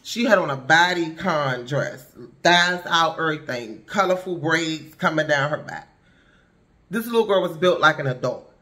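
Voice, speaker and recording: A woman's voice: low-pitched, moderate pace, bright, forceful tone. A woman vlogger giving a fired-up, blunt monologue full of rhetorical questions and slangy asides. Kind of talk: impassioned casual commentary monologue.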